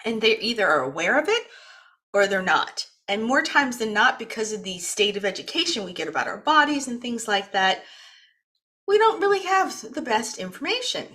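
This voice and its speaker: A woman from the US East Coast hosts a wellness program, chatting away and introducing her guest during a casual live session, often breaking into laughter. Her slightly high voice is very animated, bright and forceful, at a normal speed.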